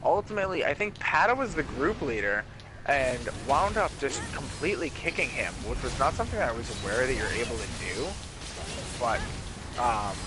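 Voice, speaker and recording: A man hosting a game stream, telling a story in an animated way, swearing freely. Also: medium pitch. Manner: animated, swearing, dramatic retelling. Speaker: streamer host. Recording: noisy home stream mic.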